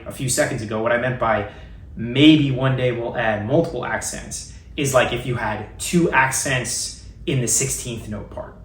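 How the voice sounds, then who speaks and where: A man giving a casual spoken drum lesson, talking in a relaxed, rambling way with many ums and restarts. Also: mid-range voice, far from the mic, slight background noise. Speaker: drum teacher. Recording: roomy echo, away from the mic, faint ambience.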